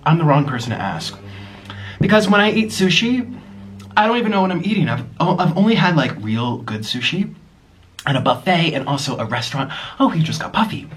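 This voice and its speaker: A gushing young man eats on camera and chats, cooing at his pets in baby talk. His voice sits a bit high and leaps up and down. A faint hum runs underneath. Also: very animated, fairly quick. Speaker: vlogger. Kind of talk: casual mukbang chat.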